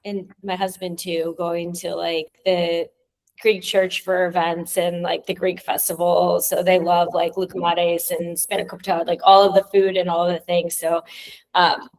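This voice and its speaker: A woman on a video call, a mother speaking as a client, with a slightly low voice. She talks in a relaxed, rambling way, filling her sentences with "like". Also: moderate pace, poor audio.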